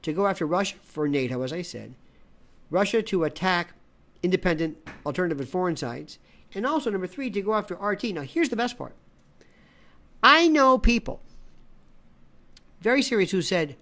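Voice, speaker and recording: Political commentator, opinionated monologue, very lively pitch, repeats phrases, acts out conversations. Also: normal speed, long pauses. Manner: ranting, repeats phrases for emphasis. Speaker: independent media analyst.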